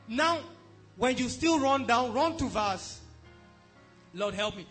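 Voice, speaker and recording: A man's voice: very high-pitched, lively intonation, slow, long pauses, a bit bright, faint music behind. A male pastor preaching a sermon, emphatic, who keeps asking the congregation whether they are following.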